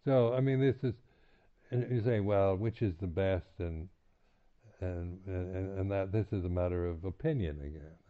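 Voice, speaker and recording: A meditation teacher on retreat, a man whose voice sits low, reflects aloud in a dharma talk. He stops and starts, repeats words, and lets out soft chuckles between points, all captured in lo-fi audio that sounds like a phone.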